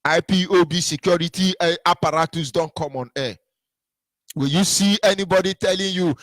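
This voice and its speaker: A man's voice: sits high, moderate pace, a bit bright, dry recording. A Nigerian man giving an impassioned political monologue, preachy, repeating rhetorical questions and sometimes singing his lines. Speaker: activist broadcaster.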